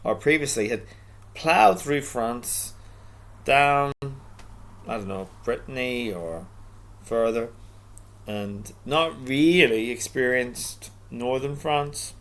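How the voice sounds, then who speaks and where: A middle-aged man with a mid-range voice reads his own story aloud slowly, in a relaxed and reflective mood. He often stops for rambling asides and starts over.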